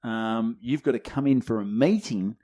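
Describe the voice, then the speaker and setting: A man's voice: mid-range voice, normal speed. A man in his twenties with an Australian accent, co-hosting a comedy podcast and telling a rowdy story full of swearing and acted-out voices. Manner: animated, swears freely, acts out others' lines. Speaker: podcast co-host.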